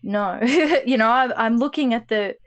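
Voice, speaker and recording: A woman's voice: fairly high pitch, unhurried. Wry woman podcast co-host. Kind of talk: casual conversational discussion.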